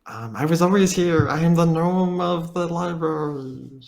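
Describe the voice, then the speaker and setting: A man's voice: fairly high pitch, a little slow, gravelly, a little mellow, pitched above the performer's own voice. A man voicing a chipper, eager-to-help male gnome with a cheery, folksy manner. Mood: earnest.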